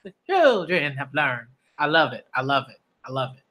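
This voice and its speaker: A man doing a live manga reading reaction, excitable and slangy, often repeating himself as he reacts. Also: a little high, moderate pace. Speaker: manga reviewer.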